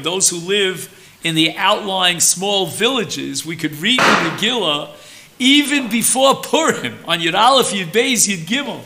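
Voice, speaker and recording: A man giving a slow, deliberate Torah lesson on a holiday theme, speaking with an of terms. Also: a little high, bright, forceful tone. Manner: slow, deliberate teaching, mixing Hebrew terms. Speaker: rabbi teaching Torah.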